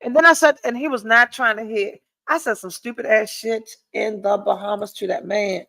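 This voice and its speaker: A woman's voice: fairly high pitch, moderate pace, creaky, sharp tone, rough recording. A woman, hosting a podcast and telling a candid personal story with blunt, profane energy, her nose audibly stuffy. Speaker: podcast host. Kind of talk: candid solo livestream chat.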